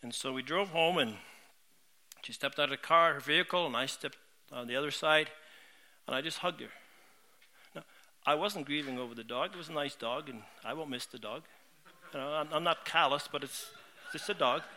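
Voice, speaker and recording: A man's voice: on the high side, normal speed, pauses often, pushed and bright. A middle-aged man preaching a sermon as pastor, telling heartfelt stories in an earnest way and often repeating words as he searches for them. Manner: earnest, heartfelt storytelling with frequent word repeats.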